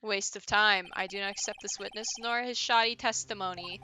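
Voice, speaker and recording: A woman's voice: medium pitch, fairly even intonation, a little fast, sharp tone, a little hiss or hum, natural voice. A woman voicing a cold, arrogant older male prosecutor, speaking curtly and dismissively. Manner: dismissive, curt.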